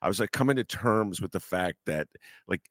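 An older man talks on his own show in a rambling, animated way, stopping often on "uh". His voice sits extremely low and rough with fry. The sound is dry and close. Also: no echo. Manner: rambling, animated, many "uh" pauses. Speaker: podcast host. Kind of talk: casual monologue.

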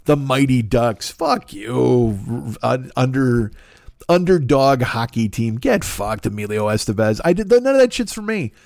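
Middle-aged man, podcast host, profane rambling rant, exasperated spikes, mid-pitched voice, dry close sound. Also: sing-song, unhurried, vocal fry, darkish tone, no room sound. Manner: rambling, swears constantly, jumps to high exasperated outbursts.

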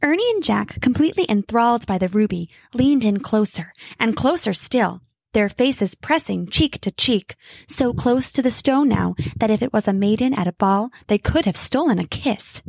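A woman narrating a fantasy story in an expressive, clear reading. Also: on the high side, moderate pace, no echo.

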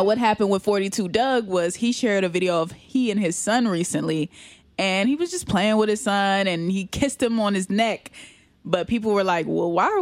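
Brief: young female co-host, mid pitch, chatty and laughing, dry close mic. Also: no room sound. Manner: chatty, laughs often, quotes people in put-on asides. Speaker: podcast co-host. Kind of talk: casual chat.

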